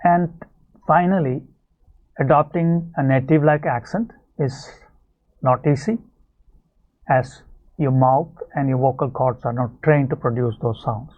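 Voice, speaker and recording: A man teaching an English video lesson, explaining clearly and speaking straight to his viewers. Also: medium pitch, a little slow, pauses often. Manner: explanatory, addresses viewers directly. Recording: tinny phone-like sound.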